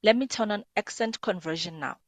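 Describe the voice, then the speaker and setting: South African woman, calm and earnest. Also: medium pitch, fairly quick, dry recording. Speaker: call center agent. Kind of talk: scripted product demo.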